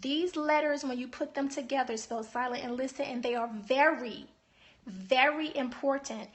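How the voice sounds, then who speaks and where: High-voiced woman coaching couples. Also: moderate pace. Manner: emphatic, preachy, animated delivery with rhetorical asides. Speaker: marriage coach. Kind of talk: casual teaching talk to viewers.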